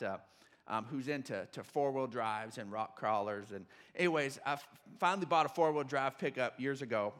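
A middle-aged male pastor preaching a sermon, telling a story with fillers and restarts before he builds to shouted points. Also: mid-range voice, in a large hall. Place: church sanctuary.

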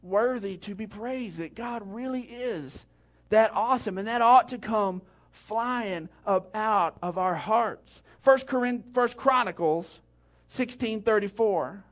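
A man preaching a sermon as pastor, telling a folksy story with quick asides. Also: high voice.

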